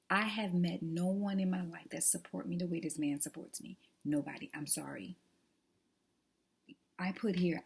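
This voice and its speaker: A woman's voice: deep voice, a little mellow, husky. A woman talking casually to her viewers in an emphatic, preachy way, often dropping to a whisper. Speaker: vlogger. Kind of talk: casual testimony chat.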